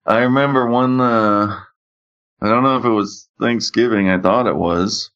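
A man with a very low voice tells rambling, profane stories in a loose podcast chat. The sound is muffled and lo-fi. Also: fairly even intonation, normal speed, a bit bright, smooth. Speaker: podcast co-host. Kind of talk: casual chat.

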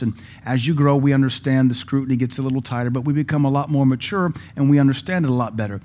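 A man's voice: mid-range voice, fast, darkish tone. A male pastor, preaching a sermon in a conversational, folksy way with asides to the congregation. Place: church.

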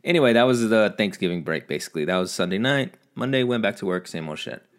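A man's voice: on the low side, animated, fast. A man telling a casual, rambling story as a vlogger, swearing a lot and poking fun at himself. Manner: rambling, heavy swearing, self-mocking.

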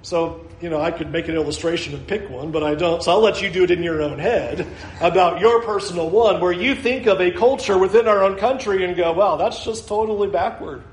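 A man preaching a sermon in an animated way, acting out the voices he quotes. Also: high-pitched, brisk, a little hiss or hum. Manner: animated, acts out quoted voices, wide swings in pace. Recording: echoey room.

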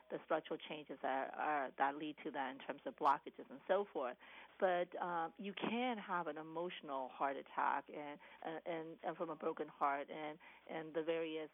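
Gravelly woman doctor on a phone line. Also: sits low. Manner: earnest, many restarts and "you know". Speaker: cardiologist guest. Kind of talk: interview answers.

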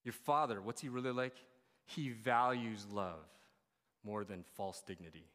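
A man preaching a casual, conversational sermon, acting out quoted reactions and swinging between loud and quiet. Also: lowish voice, measured pace, big-room sound. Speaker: pastor.

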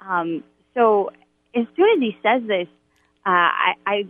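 A woman's voice: medium pitch, measured pace. A woman musician candidly sharing a faith testimony in a radio interview, with nervous laughter between phrases. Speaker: Catholic worship musician, guest. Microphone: phone. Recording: tinny phone line.

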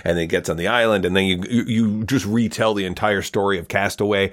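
A man's voice: lowish voice, fairly even intonation, fast. A man hosting a podcast, telling a long joke in a rambling, casual way with many fillers. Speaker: podcast host.

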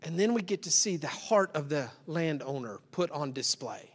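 A man preaching a sermon, acting out both sides of a parable in animated storytelling. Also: on the high side, normal speed, slightly rough. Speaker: pastor. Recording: long hall reverb.

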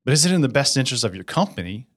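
A man chats as an interview guest, energetic and conversational. He keeps asking for agreement as he talks. His voice sits in the middle of the male range. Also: mid-range voice, rapid-fire. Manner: energetic, asks for agreement with frequent "right?". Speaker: business implementer, guest. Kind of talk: casual interview chat.

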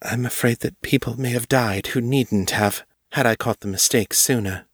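A man's voice: medium pitch, moderate pace, breathy edge, dry recording, studio quality, close to an everyday voice. A man reading aloud and voicing a deferential, hesitant woman who has just become a vampire.

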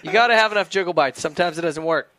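A man's voice: fairly high pitch, very fast, a little hiss or hum. A man co-hosting a studio show, joking around and playing mock outrage at the others. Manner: jokey, animated, mock-outraged. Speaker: co-host. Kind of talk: casual studio banter.

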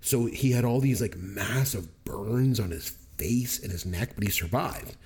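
A man's voice: lowish voice, measured pace, a little mellow. A man co-hosting a podcast, telling stories in an emphatic, enthusiastic way. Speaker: podcast co-host. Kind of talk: casual podcast chat.

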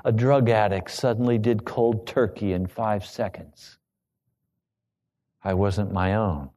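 A man preaching a sermon, telling a personal story with emotion that rises to loud pleading. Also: on the low side, fairly even intonation, takes it slowly. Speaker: pastor.

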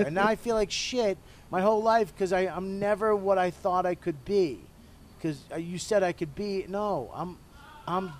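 A man's voice: sits high, a little hiss or hum. Candid, profane middle-aged man. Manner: candid, profane, self-deprecating; smoking a cigar while talking. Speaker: comedian guest. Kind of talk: casual interview talk.

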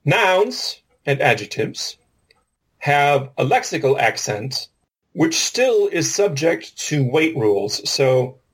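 A man co-hosting a podcast, with a slightly husky voice at a middle pitch. He explains patiently and thinks out loud, laying out one point after another in a relaxed, conversational way. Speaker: podcast co-host. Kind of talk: casual linguistics discussion.

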